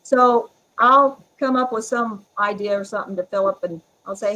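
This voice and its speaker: A woman's voice: medium pitch, moderate pace, hardly any pauses, fairly bright tone, poor audio. Chatty woman guest. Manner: chatty, laughs often, strong-willed. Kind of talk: casual interview chat.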